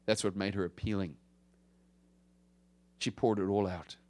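A male pastor preaching a conversational sermon, swinging from emphatic rises to hushed drops. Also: low voice, fairly even intonation, measured pace.

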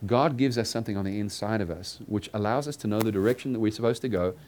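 A man's voice: on the low side, fast, a little mellow, a little hiss or hum. A man preaching a conversational sermon to a congregation in a church building, repeating his phrases and dropping joking asides to the listeners. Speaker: pastor.

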